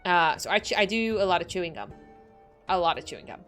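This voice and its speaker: This woman streamer talks fast in a fairly low, fairly bright voice, very animated, with faint music behind her. It's casual livestream chatter while she plays: rambling, packed with "like," and with game dialogue read out loud.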